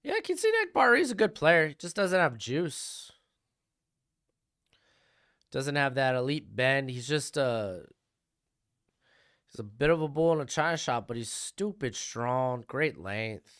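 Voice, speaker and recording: A man's voice: mid-range voice, lively intonation, unhurried, long pauses, a bit bright. A young man hosting a live stream, casually commenting on draft picks and answering his chat. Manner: chatty, answers chat questions, offhand opinions.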